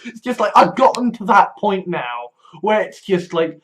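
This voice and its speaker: This male vlogger has a high, fairly bright voice with lively intonation, talking at normal speed with hardly any pauses. His monologue is casual and rambling, full of restarts and free swearing, and he laughs wryly at himself often.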